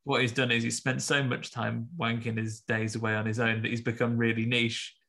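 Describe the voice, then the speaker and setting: A man's voice: medium pitch, little pitch movement, fairly quick, gravelly, pushed and bright. A man co-hosting a podcast, chatting casually and jokingly about a film. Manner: jokey, puts on silly voices in asides. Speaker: podcast co-host. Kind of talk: casual comedic chat.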